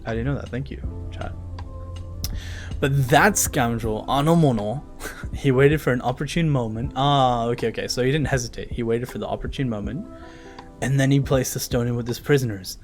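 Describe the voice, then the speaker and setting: A man's voice: medium pitch, fairly even intonation, a little fast, darkish tone, soft background music. A man casually reading and translating a manga live, chatting, joking and swearing along the way.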